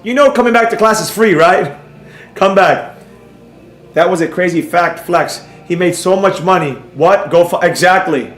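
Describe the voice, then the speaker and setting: Animated mocking man, high voice, echoey room. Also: moderate pace, soft background music. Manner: mocking, animated, mock-soothing at times. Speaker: trading instructor. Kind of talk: livestream class banter.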